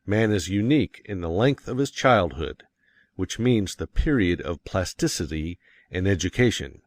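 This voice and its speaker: Man, low voice, audiobook narration, deliberate and measured, dry close sound. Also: expressive, no echo. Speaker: audiobook reader.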